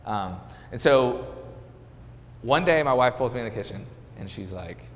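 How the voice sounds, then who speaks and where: A man in his thirties, a podcast guest and real estate agent, telling a candid personal story in a halting, conversational way. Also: mid-range voice, lively intonation, in a large hall, a little hiss or hum. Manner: conversational, halting with restarts and fillers.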